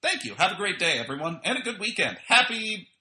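A man reviewing wrestling on his podcast talks fast and very animatedly in a fairly high voice, giving a casual, opinionated monologue full of slang and fillers. The room is echoey, with background noise.

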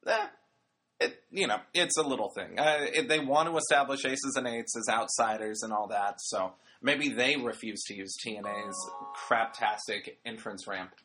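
A man's voice: medium pitch, normal speed, pushed and bright, soft background music. A man hosting an audio recap of a wrestling show, talking in a casual, rambling way with jokey asides. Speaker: wrestling podcast host.

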